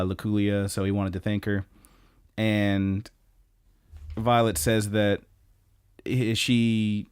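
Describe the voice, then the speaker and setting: A man co-hosting a podcast, recapping anime episodes in a lively, casual way with lots of ums and restarts. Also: fairly low pitch, clear, resonant tone, no room sound, studio quality. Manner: animated retelling, many ums and restarts. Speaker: podcast co-host.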